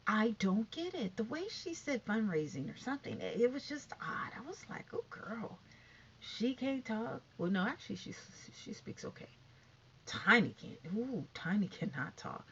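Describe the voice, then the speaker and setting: A woman's voice: mid-range voice, sing-song, normal speed, slight background noise. Sassy woman gossiping in a lo-fi recording. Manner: chatty and sassy, drifting into hushed asides. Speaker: commentary vlogger. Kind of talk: casual gossip commentary.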